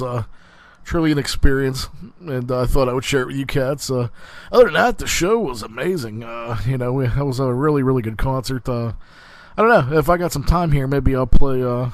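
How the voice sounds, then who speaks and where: A man's voice: medium pitch, no echo. A man hosting a podcast, telling a crude story in casual, profane chat, rambling with many fillers and restarts. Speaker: podcast host.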